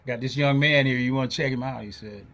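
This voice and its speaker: A man's voice: medium pitch, fast talker. An older man hosting an interview, telling stories and acting out the voices of people he quotes. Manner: animated storyteller, acts out quoted voices. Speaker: podcast host, drummer. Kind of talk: storytelling interview chat.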